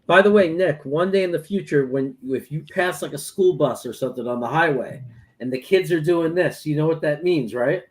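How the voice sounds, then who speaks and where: A man with a high voice chats casually with friends. He jokes around and keeps things playful. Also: brisk. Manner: joking, playful. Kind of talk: casual chat.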